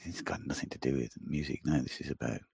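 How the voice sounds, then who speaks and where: Low husky man telling rambling stories. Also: fast talker, dry recording, studio quality. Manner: rambling, swearing, animated storytelling. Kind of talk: casual chat.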